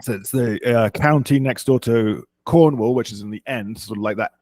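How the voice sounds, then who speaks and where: A man's voice: mid-range voice, normal speed, darkish tone, dry recording. A man from London with a British accent, a podcast host answering interview questions about his life in a self-deprecating, rambling way. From England.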